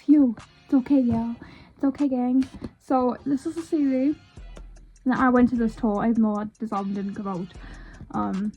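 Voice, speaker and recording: Excitable high-voiced young woman. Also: a little slow, long pauses, breathy edge, soft background music. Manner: excitable, chatty, swears casually. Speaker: vlogger. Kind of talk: casual unboxing vlog.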